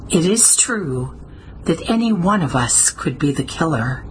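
Brief: a woman doing an imperious perfumer lady in an audiobook, haughty, precise, low and slow. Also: lively intonation, slight background noise, low-quality recording. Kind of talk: audiobook character voice.

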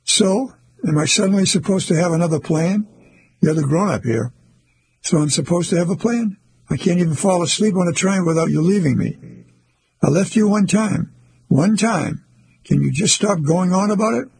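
A curt, grumpy young man, read by a man in an audiobook who mutters like an annoyed dad. The pitch sits a little higher than the reader's own. His voice is husky and gravelly. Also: moderate pace, darkish tone, full character voice. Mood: snappish.

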